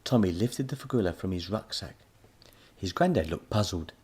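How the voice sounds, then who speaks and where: A man narrating a children's story as an expressive audiobook reader. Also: sits low, moderate pace, husky.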